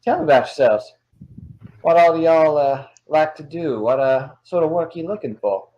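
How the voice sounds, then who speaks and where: Man doing a folksy Southern cat-lady clerk for a tabletop game: gentle, chatty, drawling. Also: fairly high pitch, normal speed, highs cut off, voice pushed up, lightly acted. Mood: welcoming. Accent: put-on Southern US drawl. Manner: drawling, hospitable, with y'all and darling.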